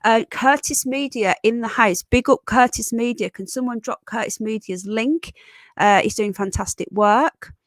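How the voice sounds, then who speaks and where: A woman hosting a casual live stream, congested from a sinus infection, greeting viewers warmly as darling and sweetheart and swearing bluntly. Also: fairly high pitch, normal speed, no room sound, clean studio sound. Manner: chatty, affectionate, calls viewers darling and sweetheart.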